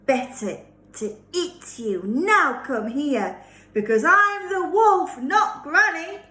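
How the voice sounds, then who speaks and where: Woman reading as a sly hungry wolf, slow wheedling drawl, echoey room. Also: fairly high pitch, big pitch swings, a bit bright, full character voice. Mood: sly, coaxing. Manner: slow, drawn-out wheedling delivery.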